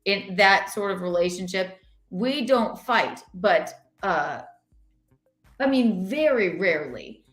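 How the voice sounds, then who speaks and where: A woman's voice: mid-range voice, slow pace, faint music behind. Chatty woman in an echoey room. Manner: animated, rambling with restarts. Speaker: podcast host. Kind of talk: casual chat. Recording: roomy echo.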